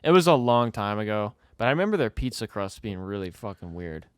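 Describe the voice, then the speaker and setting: A man's voice: fairly low pitch, sing-song, fairly quick, clear, resonant tone, no echo, clean studio sound. A young man co-hosting a casual chat podcast, laid-back and profane, asking follow-up questions. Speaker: podcast co-host.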